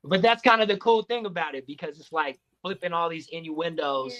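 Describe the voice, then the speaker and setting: A hip-hop artist man chatting loosely in an interview, his voice bright and forward. He rambles a little, full of fillers, and laughs easily. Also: on the high side, lively intonation, fairly quick, poor audio. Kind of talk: casual interview chat.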